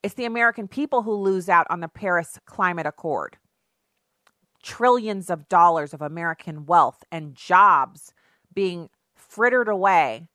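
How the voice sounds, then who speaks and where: Casting note: woman commentator, sarcastic and emphatic, lower voice, dry close sound. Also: fairly bright tone, no room sound. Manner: sarcastic, emphatic, rhetorical questions. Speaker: political commentary host. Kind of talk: opinionated political commentary.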